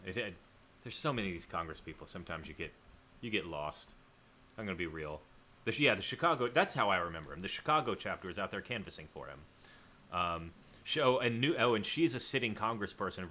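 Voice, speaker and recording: A man's voice: low-pitched, pushed and bright, a little hiss or hum. A man from the American South hosting a livestream, chatting casually with viewers in a rambling, self-correcting way. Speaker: livestream host.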